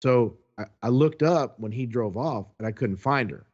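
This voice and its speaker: A man co-hosting a podcast tells a long story in a casual, animated way. He slips into the voices of the people in it. His voice sits mid-range, and the recording is dull and lo-fi. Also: medium pitch, normal speed. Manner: animated, acts out quotes. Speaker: podcast co-host.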